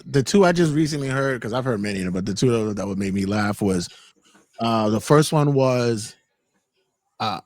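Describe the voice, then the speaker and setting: A man hosting a casual podcast chat, telling anecdotes in an animated way. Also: on the low side, dry recording. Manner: animated storyteller, laughs while telling. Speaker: podcast host.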